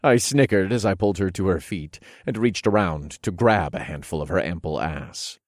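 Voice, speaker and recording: A man narrating an erotic story in the first person, in a low, hushed, unhurried way, recorded close and dry. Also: no echo.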